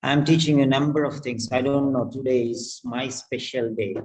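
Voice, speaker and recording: A man's voice: mid-range voice, fairly even intonation, normal speed, a little mellow, rough recording. A man teaching pronunciation in an online class, repeating each sound several times over. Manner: repetitive, drills sounds over and over.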